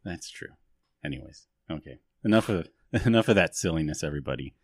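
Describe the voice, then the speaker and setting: A man's voice: very deep voice, expressive, a little fast, dry recording. A man hosting a podcast in casual chat, joking, self-mocking and rambling. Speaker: podcast host.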